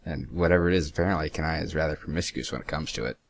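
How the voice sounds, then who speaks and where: A man's voice: extremely low pitch, very fast. A young man giving casual, sarcastic reaction commentary, swearing freely and stumbling as he reads lines aloud. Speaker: reaction video host.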